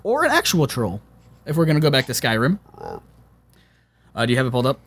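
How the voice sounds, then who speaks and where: A man's voice: medium pitch, very animated, fast talker, a bit bright. A young man hosting a casual podcast chat, playful and bantering, often restarting his sentences. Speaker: podcast host.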